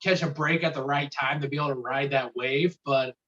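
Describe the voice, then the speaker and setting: A man's voice: mid-range voice, steady tone, brisk, a bit bright, dull audio. A man co-hosting a casual wrestling podcast who rambles hesitantly with lots of restarts. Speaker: podcast co-host.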